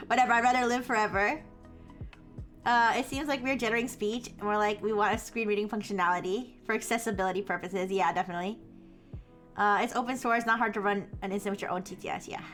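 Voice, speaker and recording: A young woman with a high, bright pitch talks casually to her live-stream viewers. She rambles, restarts her sentences and laughs often. Faint music plays underneath her voice.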